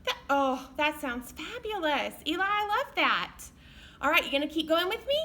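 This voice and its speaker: A woman's voice: high voice, very animated, normal speed, pushed and bright. A woman librarian leading a baby storytime, cheery and encouraging, singing songs and making animal sounds. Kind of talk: sing-along storytime for babies.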